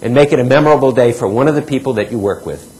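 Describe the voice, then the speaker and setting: A middle-aged man giving a motivational healthcare talk, telling stories and acting out quoted dialogue, his voice dropping low for emphasis. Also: racing, dark tone, rough recording. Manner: storytelling, acts out quoted dialogue, drops pitch for emphasis. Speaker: keynote speaker.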